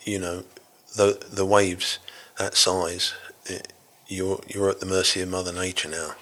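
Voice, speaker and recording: A man's voice: deep voice, flat delivery, a little slow, a bit bright. Rambling older British man telling a story. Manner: rambling, full of restarts and "you know". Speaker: interview guest, former navy rescue diver. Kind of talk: storytelling in a casual interview.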